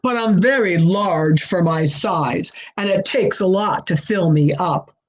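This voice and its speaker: A woman's voice: lowish voice, a little slow, dull audio. A woman voicing a large, greedy male crow who fusses about manners. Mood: matter-of-fact.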